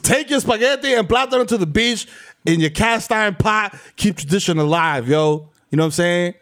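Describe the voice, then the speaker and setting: High-voiced New man, loose and slangy. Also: animated, normal speed, fairly bright tone. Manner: laughing, loose slangy storytelling. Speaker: podcast co-host. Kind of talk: casual comedic banter.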